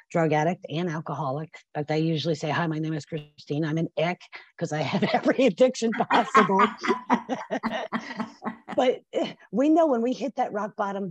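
A woman in her fifties talks as a podcast guest in a husky, fairly low voice. She speaks with passion and feeling, at times close to tears. The sound is dry and close to the mic. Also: dry recording, muffled recording. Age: 50s. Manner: passionate, emotional, sometimes teary with laughter. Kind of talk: podcast interview.

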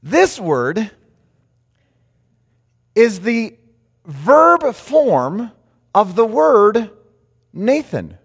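A man preaching a sermon, telling a story with lively acted-out quotes. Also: sits high, extremely slow, long pauses, husky, long reverb tail. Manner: animated storytelling, acts out quotes. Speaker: pastor.

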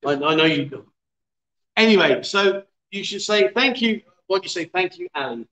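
A man's voice: high voice, expressive, moderate pace, fairly bright tone, echoey room. A man in his fifties hosting a casual livestream from a bar, bantering, laughing and reading out viewer comments. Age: 50s. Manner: jokey, laughing, chatty banter. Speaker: livestream host. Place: bar in a city.

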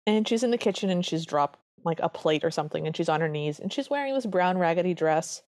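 Animated and a little mellow, her fairly low voice comes through a dry, clean studio recording. She's a woman co-hosting a podcast, giving an old cartoon a chatty, earnest review with quick asides.

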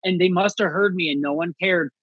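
A male comedian telling a story in casual chat, animated and acting out voices with big jumps in pitch. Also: fairly quick, husky, no room sound, lo-fi sound.

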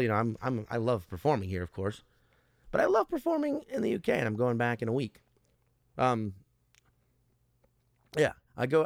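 A stand-up comedian guesting on a podcast chats casually, rambling, swearing often and restarting his sentences. His voice is medium-pitched and creaky, on a dry, studio-quality recording.

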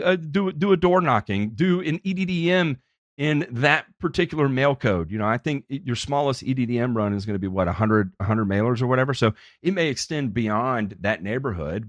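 A man hosting a podcast, telling stories in a casual, profane and animated way. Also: mid-range voice, no echo.

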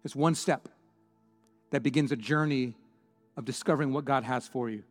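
A male pastor giving an impassioned sermon and altar call in a church, swinging between loud preaching and hushed prayer. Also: medium pitch, moderate pace, in a large hall, faint music behind. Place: church auditorium.

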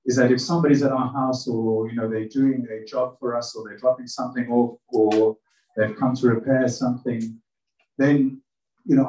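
A man from the congregation speaks from the front in a relaxed, slightly hesitant way. His voice is mellow and mid-pitched, carried by the echo of a large room with the mic some way off. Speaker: church member sharing a story. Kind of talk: casual testimony. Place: church. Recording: echoey church hall, distant mic.

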